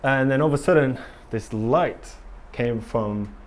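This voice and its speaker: A man's voice: mid-range voice, unhurried. Enthusiastic man giving a talk. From England. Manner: candid, enthusiastic, rambling with many ums. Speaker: conference speaker. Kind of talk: live conference talk and Q&A. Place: conference hall.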